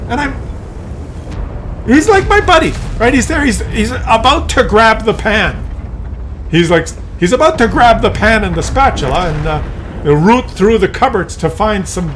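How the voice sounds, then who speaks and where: A man vlogging, telling a comic story to camera in an exasperated, animated way with many restarts. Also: high-pitched, a little slow, pauses often, a little hiss or hum.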